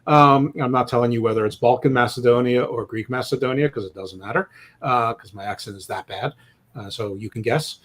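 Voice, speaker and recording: A man co-hosting a sports podcast in an easygoing, joking way. He rambles through his points and often trips over repeated words as he restarts his sentences. His pitch sits in an ordinary middle range. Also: brisk, a bit bright. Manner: rambling, jokey, stammers on restarts. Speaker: podcast co-host. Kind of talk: casual sports chat.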